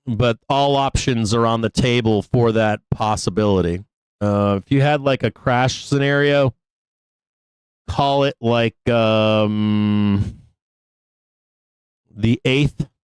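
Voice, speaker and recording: A man hosting a live stock market show, giving casual trading commentary in a rambling, profane way with many fillers and quick bursts. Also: medium pitch, clear, resonant tone, no echo, rough recording.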